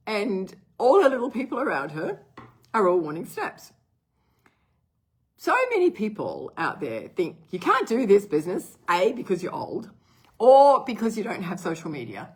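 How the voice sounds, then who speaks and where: This brand partner is a middle-aged woman who has a cough, and her voice sits in the mid range with a husky, darkish quality. Addressing the camera, she relates a customer's story in a loose, rambling way packed with filler words.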